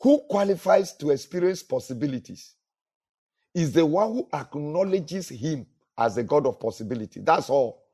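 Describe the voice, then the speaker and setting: Mellow-voiced man preaching a sermon. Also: a little high, lively intonation, moderate pace, slightly rough. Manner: earnest preaching with repetitions and restarts. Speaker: pastor.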